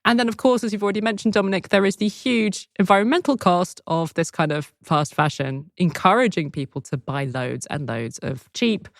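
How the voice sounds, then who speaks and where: A woman co-hosting a news podcast, talking in a lively, expressive way and laughing often. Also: on the low side, brisk, vocal fry, few pauses, no room sound, studio quality. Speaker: podcast co-host. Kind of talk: casual news chat.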